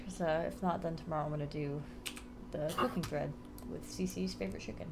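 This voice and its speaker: A woman streamer chatting casually while playing a game, lively and swearing freely. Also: low voice, a little fast, creaky. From New York area.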